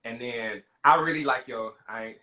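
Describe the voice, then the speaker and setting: A man's voice: mid-range voice, normal speed, sharp tone. A man hosting a casual livestream interview, chatty and effusive, laughing often. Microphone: phone livestream.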